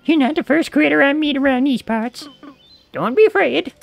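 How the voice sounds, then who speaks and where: Streamer doing a sweet fluttery old lady voice, high and proper, a bit creaky. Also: moderate pace, faint music behind. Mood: startled. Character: chirpy old woman forest keeper. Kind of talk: reading game dialogue aloud.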